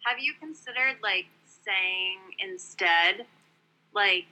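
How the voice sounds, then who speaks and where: A woman co-hosting a casual podcast, playful and quick to prompt with questions. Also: medium pitch, sharp tone, poor audio. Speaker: podcast co-host.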